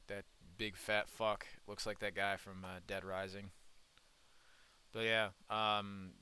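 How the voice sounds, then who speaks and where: A man's voice: sits low, pushed and bright, smooth. A young man giving rambling, profane let's-play commentary while he plays a game. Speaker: gaming YouTuber.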